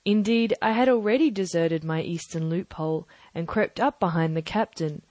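A woman narrating a classic adventure novel aloud, measured and even. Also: lowish voice, no echo. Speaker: audiobook narrator. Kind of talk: scripted narration.

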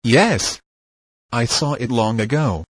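A man voicing an earnest, anxious man on a search, speaking urgently, with a husky voice. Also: medium pitch, animated, takes it slowly, no echo, clean studio sound. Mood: quiet.

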